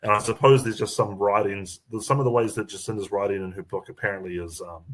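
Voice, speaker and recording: Kiwi male comedy guest, lowish voice, rambling delivery with many ums and restarts. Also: steady tone, fast, fairly bright tone. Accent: New Zealand. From New Zealand. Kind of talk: casual chat.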